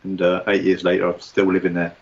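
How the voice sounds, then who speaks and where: A man's voice: deep voice, completely flat delivery, fast talker. British man on a dull call line. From United Kingdom. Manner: chatty, easygoing, humorous. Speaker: guest. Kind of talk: casual interview chat. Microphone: video call.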